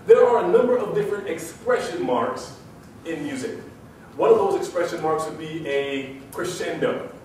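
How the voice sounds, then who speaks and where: A man giving a live seminar talk to an audience, animated and drawing them into call-and-response. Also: on the high side, moderate pace, a little hiss or hum. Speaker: public speaking trainer. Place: large room with audience. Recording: echoey hall from far off.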